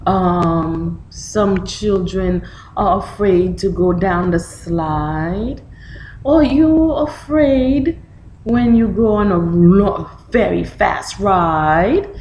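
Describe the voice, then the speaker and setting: A woman with a Haitian accent reading a picture book to young children, explaining each word slowly and patiently in two languages. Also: lowish voice, darkish tone, roomy sound, a little hiss or hum.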